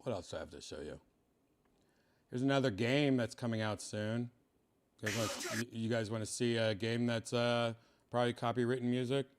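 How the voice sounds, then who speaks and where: A man hosting a stream, talking in a deadpan way that trails off quietly. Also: mid-range voice, a little fast, smooth. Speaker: streamer host. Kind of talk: casual streaming chat.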